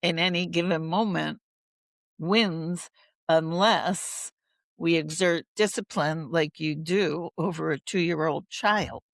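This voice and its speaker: Gravelly-voiced woman, interview guest. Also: low voice, slow pace, no echo. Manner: earnest, thoughtful, expands with personal stories. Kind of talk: conversational interview.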